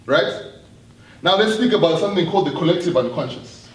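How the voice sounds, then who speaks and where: A man's voice: high-pitched, expressive, a little fast. Earnest man speaking to a hall. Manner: earnest, repeats words, asks the audience questions. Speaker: speaker addressing an audience. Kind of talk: live motivational talk. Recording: roomy hall, distant mic, faint noise.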